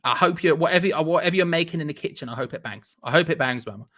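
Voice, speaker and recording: A man's voice: a little high, rapid-fire. A young man hosting a live football watch-along, chatting casually and reading out viewers' messages and locations. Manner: chatty, rattles off viewer locations with shout-outs.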